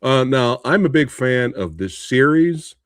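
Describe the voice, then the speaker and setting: A man's voice: mid-range voice, animated, dry recording. Upbeat male podcast host, dry sound. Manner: upbeat and playful, with quick reactions and laughs. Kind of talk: casual podcast chat.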